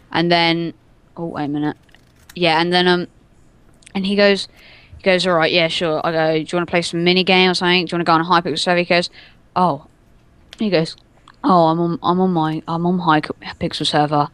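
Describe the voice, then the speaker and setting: A woman's voice: on the low side, level tone, a little fast, a bit bright, clean tone, no echo. A young adult woman telling a story in casual chat, rambling and giggling, stringing everything together with "and then". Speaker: podcast co-host telling a story.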